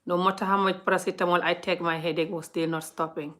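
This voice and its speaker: A woman's voice: lowish voice, fast talker. A woman on a live stream, chatting casually and telling a long story to her viewers. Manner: chatty, talks a lot; animated retelling, often addresses viewers.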